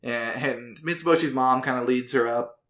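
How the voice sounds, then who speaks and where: Bright-voiced man recapping anime episodes. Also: mid-range voice. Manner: loose retelling with quick put-on quotes and fillers. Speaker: podcast co-host. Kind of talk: casual podcast recap.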